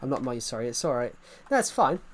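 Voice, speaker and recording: A young male gaming streamer talks in a sing-song, medium-pitched voice at a slightly quick pace. His casual chat rambles, he makes fun of himself, and he gets distracted easily.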